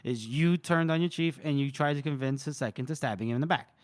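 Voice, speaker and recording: A man voicing a grim, menacing male warlord in a low, flat, threatening read while retelling a story. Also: fast talker, no echo, natural voice.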